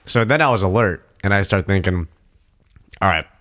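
A man's voice: sits low, brisk, a bit bright. A man in his thirties telling a long personal story in casual chat. He rambles with lots of fillers and swears freely. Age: 30s.

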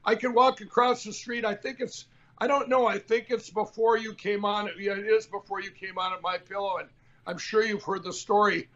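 High-pitched combative male host, rambling chat, slightly muffled sound. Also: steady tone, moderate pace, a bit bright. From Minnesota. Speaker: show host. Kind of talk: casual political talk.

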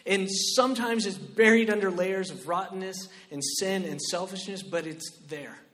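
A man preaching a sermon as pastor, shifting between loud, emphatic exhortation and quiet personal storytelling. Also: sits high, normal speed.

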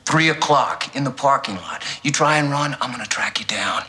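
An actor playing a menacing high-school bully who threatens another student in a low, hissing voice. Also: male voice, moderate pace, sharp tone, lightly acted. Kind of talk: film dialogue clip.

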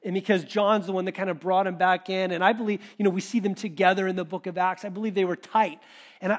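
Preaching at a quick pace, a pastor with a notably high voice keeps things relaxed and conversational, often breaking into animated quoted asides.

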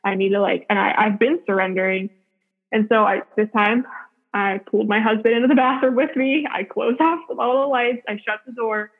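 Over a tinny phone-style connection, a woman guesting on a podcast recounts something from her life, laughing often and saying "like" a lot. She talks fairly quickly in a slightly high, steady voice.

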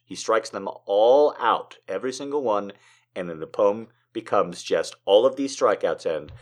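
A man reading poems aloud and joking between them, moving from slow dramatic recitation to fast, excited, profane banter. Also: on the low side. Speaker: poetry reader. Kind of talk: casual poetry reading with commentary.

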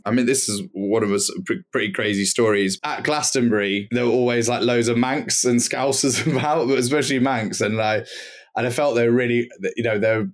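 A man telling a long story as a podcast guest, rambling with many fillers and restarts. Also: medium pitch. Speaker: podcast guest, club night owner. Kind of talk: casual anecdotal storytelling.

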